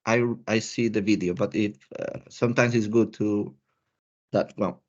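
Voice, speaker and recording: A man's voice: fairly low pitch, fairly even intonation, moderate pace, highs cut off. A man taking part in a study group discussion, speaking hesitantly with many fillers. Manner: hesitant, many "uh" fillers, non-native phrasing.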